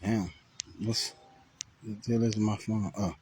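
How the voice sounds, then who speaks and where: A man's voice: lowish voice, steady tone, takes it slowly, darkish tone, a little hiss or hum. A man telling a rambling, profane story on a casual outdoor livestream. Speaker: vlogger. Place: outdoors, riding around a graveyard.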